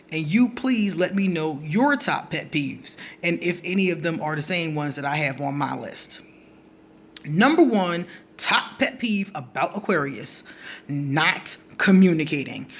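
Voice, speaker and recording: A woman with a lowish voice delivers a casual astrology vlog directly to camera. She's animated and doesn't mince words, slipping into laughter between points.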